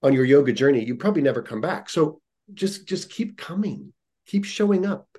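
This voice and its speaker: A man's voice: on the high side, animated, brisk, darkish tone, breathy edge. A man who teaches yoga, talking in a casual podcast conversation with an earnest, encouraging coaching tone, repeating phrases for emphasis.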